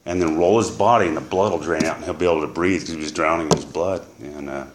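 A middle-aged man in recovery, telling an emotional personal story in a halting way with many fillers. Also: deep voice, fairly even intonation, fairly bright tone, a little hiss or hum. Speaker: recovery speaker. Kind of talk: personal testimony.

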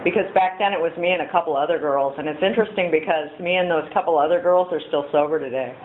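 A middle-aged woman shares her story as an AA speaker at a recovery meeting, talking candidly in a storytelling way and acting out quoted voices. Her voice sits low and moves fast. The audio is tinny and phone-like with a faint hiss.

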